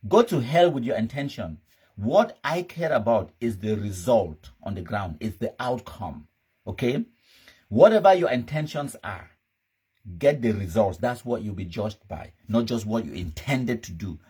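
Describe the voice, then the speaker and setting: A man's voice: medium pitch, sing-song, measured pace, a little mellow, slightly rough. A man speaking Cameroonian Pidgin English, hosting a live commentary show in an emphatic, scornful, ranting manner. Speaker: host.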